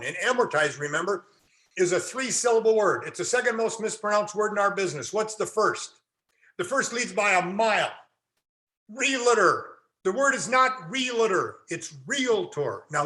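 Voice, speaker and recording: A man's voice: sits high, bright, forceful tone. A man lecturing a classroom, quizzing his audience and answering his own questions with folksy jokes. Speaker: real estate instructor.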